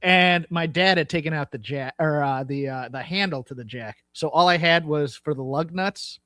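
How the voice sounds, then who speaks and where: A man's voice: a little high, normal speed, pushed and bright, no echo. A man hosting a casual podcast, joking and teasing his co-host. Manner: jokey, teasing banter.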